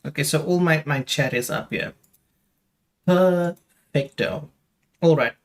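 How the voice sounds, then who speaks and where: A man's voice: a little high, a little fast, a bit bright. A young man chatting casually on a live stream, rambling with lots of fillers as he talks straight to his viewers.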